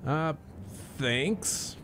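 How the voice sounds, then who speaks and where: A man voicing a gruff, scowling woman who speaks in curt, grumbling lines. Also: fairly high pitch, lively intonation, very slow, noisy background, pitched above the performer's own voice.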